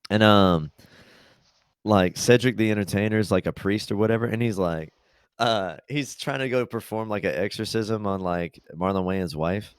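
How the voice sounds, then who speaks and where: A man's voice: fairly low pitch, normal speed, smooth, dry recording. A man co-hosting a podcast, telling rambling, profanity-laced stories in casual chat. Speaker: podcast co-host.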